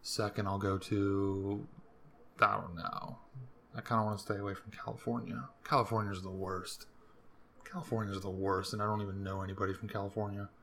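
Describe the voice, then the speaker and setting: Rambling, profane young man, low voice. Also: little pitch movement, fairly quick, bright, forceful tone, slight background noise. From US East Coast. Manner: rambling, profane, jokey rants with sudden jumps in pitch. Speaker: podcast host. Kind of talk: casual solo rambling monologue.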